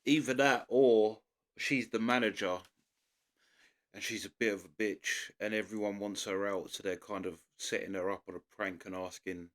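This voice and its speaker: A man's voice: lowish voice, steady tone, normal speed. A man, a reaction channel host, giving rambling casual commentary full of fillers and half-finished thoughts. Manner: rambling, searching for words, frequent fillers.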